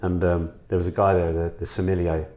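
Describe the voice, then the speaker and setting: A man's voice: deep voice, level tone, fast, mellow, slight background noise. A man casually telling anecdotes, swearing and laughing often.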